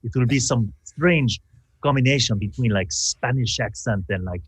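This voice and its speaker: A man's voice: mid-range voice, moderate pace, husky, dry recording. A man playfully explaining his tabletop character in casual chat. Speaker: player. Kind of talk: casual chat over video call.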